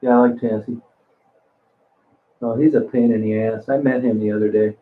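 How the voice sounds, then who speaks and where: A man's voice: mid-range voice, steady tone, moderate pace. A man hosting a casual livestream, talking bluntly and crudely to viewers as he reads their comments. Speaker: livestream host. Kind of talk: casual live chat reading comments. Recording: tinny phone-like sound.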